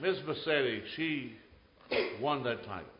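A man preaches a sermon, telling stories with a lively, swooping voice. He swings between loud bursts and hushed asides. The sound is echoey and a little dull, like an older church recording. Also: mid-range voice, measured pace, slight background noise.

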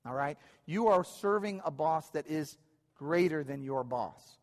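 Male pastor, slightly raised pitch, preaching conversationally with restarts, long hall reverb. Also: animated, measured pace. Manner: conversational, many restarts and repeated phrases. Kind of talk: sermon. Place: church hall.

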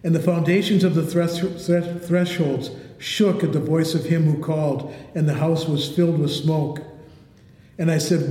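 A man delivers a sermon from the pulpit, deliberate and emphatic, now and then sinking to a near whisper to stress a point. His voice sits a bit high yet sounds warm and mellow. It rings out with a long, roomy reverb, as if in a large sanctuary. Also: steady tone. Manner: emphatic preaching, dropping to a hush on key words. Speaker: pastor. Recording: echoey hall with long reverb.

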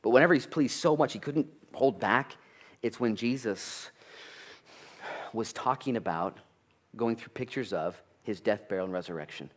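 Male pastor, lowish voice, chatty sermon with jokes and loud bursts. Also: moderate pace. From United States. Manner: animated and conversational, with jokes, asides and sudden loud bursts.

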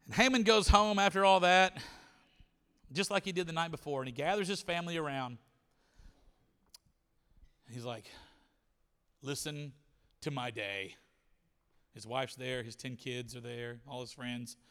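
A man preaching a sermon in a church, retelling a story with animated voices for the characters. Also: on the high side, normal speed, long pauses. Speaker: pastor. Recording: reverberant church hall.

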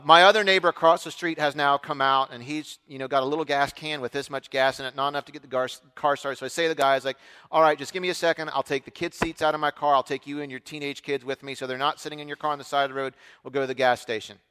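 A middle-aged man telling a story from the pulpit, acting out the voices of the people in it. His voice is high, bright and forceful. It rings with the long reverb of a large hall. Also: quick pace, clear, resonant tone. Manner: animated storyteller, acts out other voices. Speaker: preacher. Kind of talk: storytelling sermon.

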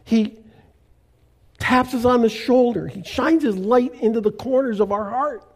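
Older canadian guy preaching, high voice, takes it slow with big pauses. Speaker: pastor. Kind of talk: sermon.

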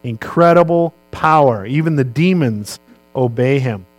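A man's voice: mid-range voice, expressive, a little slow, dry recording, low-quality recording. A male pastor giving a sermon in a conversational way, posing rhetorical questions and answering them himself.

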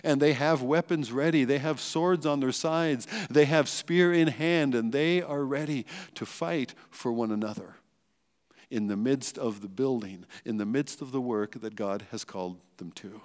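A man's voice: mid-range voice, unhurried. A man pastor giving a sermon, earnest and emphatic, full of rhetorical questions and repeated phrases. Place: church sanctuary. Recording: long church reverb.

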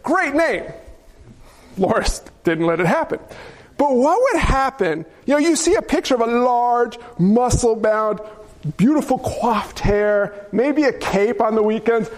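A man's voice: very high-pitched, lively intonation, measured pace. A male pastor preaching a sermon, playful and jokey, throwing rhetorical questions at the congregation.

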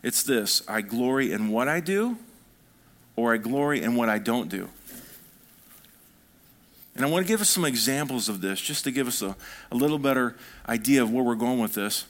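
A pastor delivering a sermon in a church, his delivery swinging between quiet, slow passages and fired-up, loud stretches. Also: mid-range voice. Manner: animated preaching, swinging between soft and fired-up.

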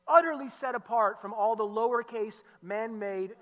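A male pastor preaching an expository sermon, emphatic, repeating key phrases and swinging from loud declarations to low, quiet asides. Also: normal speed. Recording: muffled sound with long hall reverb.

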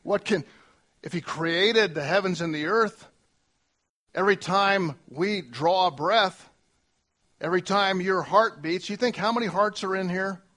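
A man preaching a sermon to a church congregation, emphatic, with long spoken lists and big swings between loud and soft. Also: high voice, unhurried. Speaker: pastor.

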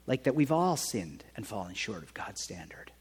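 A man preaching a sermon in a conversational way, often checking in with his listeners with a quick "right?". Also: lowish voice, sing-song, slightly rough, in a large hall. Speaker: pastor.

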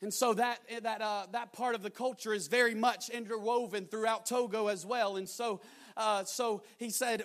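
A young man preaching a sermon, telling a story and building to loud, emphatic exhortation. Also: sits high, fairly even intonation, normal speed.

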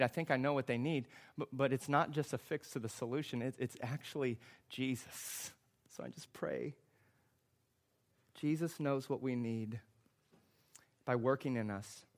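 A man preaching a sermon as a pastor, with emphatic, repetitive phrasing that builds to loud, impassioned passages. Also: medium pitch.

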